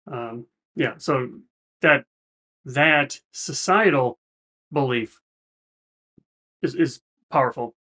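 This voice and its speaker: A man's voice: a little high, slow, pauses often, pushed and bright. A man hosting a reaction video, explaining ideas in a thoughtful, casual way with frequent restarts. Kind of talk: casual commentary.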